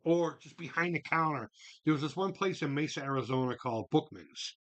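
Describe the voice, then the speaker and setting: Speaking briskly in a fairly high, fairly bright voice, this livestream host answers messages from his viewers' chat in a relaxed stream. His talk wanders with frequent restarts, full of cursing and incredulous exclamations.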